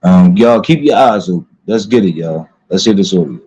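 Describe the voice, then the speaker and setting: A man talking casually to his viewers in a halting way, full of pauses and restarts. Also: low-pitched, animated, warm tone, husky. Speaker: commentary channel host. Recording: dull lo-fi sound.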